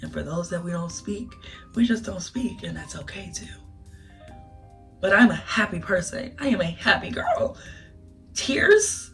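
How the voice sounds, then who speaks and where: A young woman telling a casual storytime vlog, animated and emotional, laughing through tears. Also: lowish voice, moderate pace, creaky. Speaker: vlogger. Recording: distant mic with music behind.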